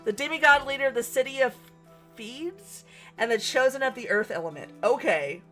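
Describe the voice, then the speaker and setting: A young woman streaming a visual novel, reading the text aloud and reacting with giggles and animated commentary. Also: sits high, normal speed, soft background music.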